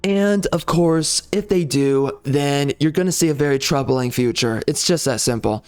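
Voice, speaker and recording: A man's voice: on the high side, moderate pace, darkish tone, clear, resonant tone. A man ranting heatedly over gameplay, swearing and repeating himself as he argues. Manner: heated, profane, repetitive ranting. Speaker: gaming channel host.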